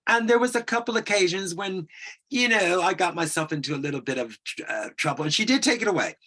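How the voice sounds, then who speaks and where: A middle-aged man with a husky, bright voice tells a personal story in an interview. He talks hesitantly, with frequent restarts and fillers. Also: on the high side, animated, fast. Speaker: interview guest.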